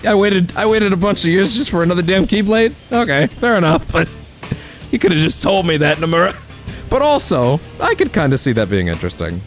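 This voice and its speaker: A man's voice: sits high, big pitch swings, brisk, faint music behind. A man hosting a let's play on a studio microphone, rambling casually with lots of fillers and self-corrections. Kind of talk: casual gaming commentary. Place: home recording setup.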